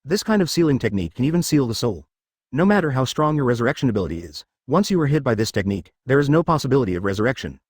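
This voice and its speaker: Guy doing a wise old toad sage, solemn, explaining, lively pitch. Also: racing, breathy edge. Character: old great toad sage, all-seeing.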